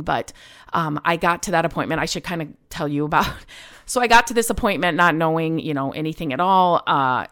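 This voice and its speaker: A woman's voice: low-pitched, fairly bright tone. A woman hosting a podcast, telling a personal story in a rambling, emotional way with many fillers. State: choked up at times. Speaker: podcast host.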